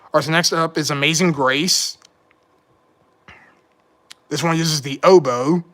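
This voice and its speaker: Guy on a live stream, kinda high voice, rambly, keeps fixing his own mixups. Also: measured pace, a bit bright. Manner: rambling, self-correcting, mild frustration. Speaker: livestream host. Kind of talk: casual live commentary.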